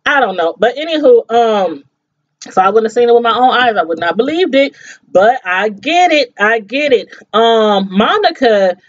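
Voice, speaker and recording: Woman, chatty TV reviewer, high-pitched, laughs often, muffled lo-fi sound. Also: expressive, normal speed. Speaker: TV show reviewer. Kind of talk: casual review chat.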